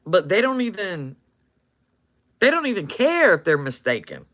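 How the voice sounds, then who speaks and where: A man's voice: high voice, huge pitch swings, moderate pace, a bit bright. A man casually telling a story, laughing often and acting out what people said.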